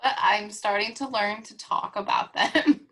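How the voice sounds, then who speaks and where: A woman's voice: medium pitch, a bit bright. A young adult woman, a client in a coaching group, chatting casually with frequent restarts and "like" fillers. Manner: halting, restarts and many "like" fillers.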